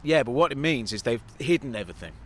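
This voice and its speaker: Animated sweary man chatting outdoors. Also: mid-range voice, quick pace. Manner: rambling anecdotes, sweary, animated. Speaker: podcast co-host. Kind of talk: casual comedic chat. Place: outdoors by a road.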